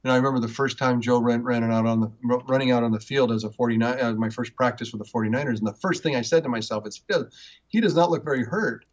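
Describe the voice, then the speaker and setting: A man telling personal stories in an interview, earnest and rambling, with frequent restarts, rising in pitch when moved. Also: fairly even intonation, fast, hardly any pauses. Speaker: interview guest, author. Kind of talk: personal storytelling in conversation. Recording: dull, muffled audio.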